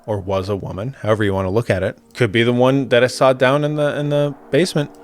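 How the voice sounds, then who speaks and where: A man's voice: mid-range voice, steady tone, fast. A young adult man in casual chat, telling a ghost story with swearing and laughter.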